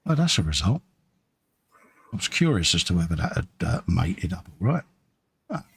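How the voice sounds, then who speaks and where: Gravelly and low, this middle-aged British man's voice is very animated at a normal speed, with slight background noise. He co-hosts a live modelling stream, building a kit, reading chat messages and chatting with self-deprecating humour.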